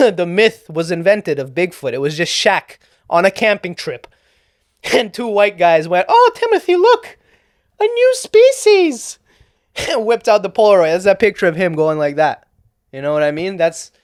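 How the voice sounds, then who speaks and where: A young man rants alone on a podcast, swearing and mocking in a put-on New York accent. His voice sits a little high and sounds dry and close. He laughs at his own bits as he goes. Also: dry recording. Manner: profane, sarcastic ranting with frequent laughs. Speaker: comedian. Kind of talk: solo podcast rant.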